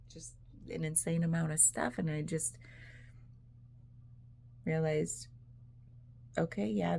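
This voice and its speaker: Gravelly, low-voiced woman vlogger. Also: mellow, a little hiss or hum. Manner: rambling, chatty, laughs often, many "like"s. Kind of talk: casual reflective monologue.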